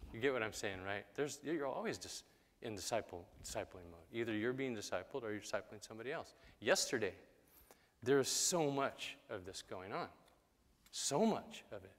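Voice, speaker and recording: A man's voice: fairly low pitch, fairly bright tone, in a large hall, slight background noise. A man preaching a sermon in a casual, conversational way, briefly acting out quoted voices.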